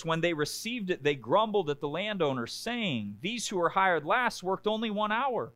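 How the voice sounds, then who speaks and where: A man's voice: a bit bright, no room sound. A man preaching a conversational sermon to a congregation, often checking in with "right?" and acting out whiny complaints. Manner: acts out complaining voices in a high whiny pitch. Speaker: pastor.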